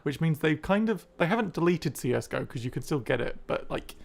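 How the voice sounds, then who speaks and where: Casting: male co-host, slightly high voice with heavy fry, relaxed gamer banter. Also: fairly quick. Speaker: podcast co-host. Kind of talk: casual improvised chat.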